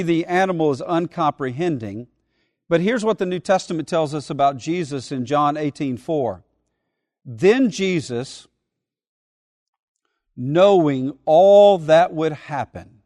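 A male pastor preaching slowly and deliberately, leaning on key words and often restarting phrases. His voice sits high for a man, and a long hall reverb trails behind each line. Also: studio quality. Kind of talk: sermon.

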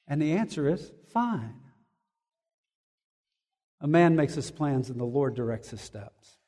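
High-voiced preaching man in a reverberant hall. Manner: expository preaching, conversational with emphatic asides. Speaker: pastor. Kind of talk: sermon.

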